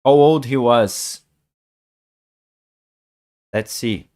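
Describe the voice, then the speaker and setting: A man's voice: mid-range voice, extremely slow, a little mellow. Man in his forties, casual chess streamer, rambles and repeats himself. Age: 40s. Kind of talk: casual live-stream chat.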